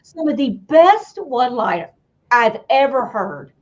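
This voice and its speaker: A woman from Tennessee, co-hosting a podcast in casual chat, talking bluntly and excitedly and tripping over her words. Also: fairly high pitch, a little slow. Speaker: podcast co-host. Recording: muffled lo-fi audio.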